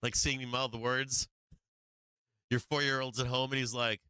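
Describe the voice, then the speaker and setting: A man's voice: mid-range voice, level tone, normal speed, pauses often, pushed and bright, clear, resonant tone, no echo. A man from Boston hosting a live market stream, rambling in casual chat and laughing often at himself. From Boston, USA. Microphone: streaming microphone on an arm.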